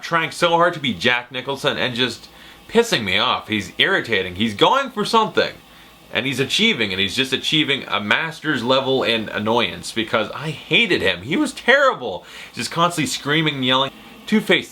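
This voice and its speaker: A man's voice: medium pitch, pushed and bright, slight background noise. A man giving a casual, profane, ranting movie review. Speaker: film reviewer.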